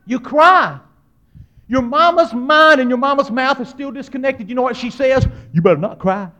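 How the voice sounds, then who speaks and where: Middle-aged preacher guy with a high voice, goes big and loud then drops to a hush, funny storytelling sermon. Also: normal speed, dull audio. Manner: animated, dramatic swings between loud and hushed.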